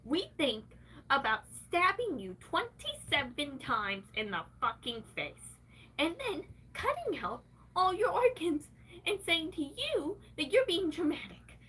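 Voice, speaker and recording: A woman's voice: high voice, very animated, a little slow, bright, forceful tone, recorded from a distance, a little hiss or hum. A woman livestreaming, venting in an angry, profane rant.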